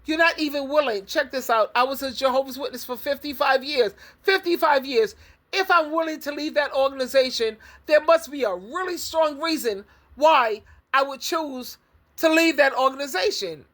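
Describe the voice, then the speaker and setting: Older woman advice vlogger, high voice, blunt and preachy, hammers key words by repeating them. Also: moderate pace, a bit bright. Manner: preachy, lecturing tone. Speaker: advice coach and Christian counselor. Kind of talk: personal vlog monologue.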